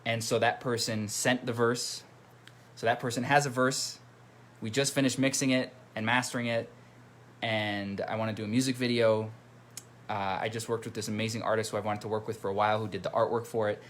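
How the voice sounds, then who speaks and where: Sitting by his computer at home, a musician hosts a relaxed livestream, chatty as he reads and greets viewer comments. His voice is lowish, fairly bright, and a little fast with little pitch movement, and there is a little hiss or hum.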